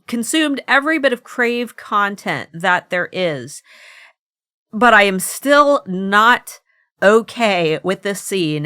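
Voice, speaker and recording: A woman's voice: medium pitch, pushed and bright, clear, resonant tone, no echo, studio quality. A woman co-hosting a podcast in casual, giggly chat with frequent restarts. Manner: giggly, chatty, with many restarts. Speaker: podcast co-host.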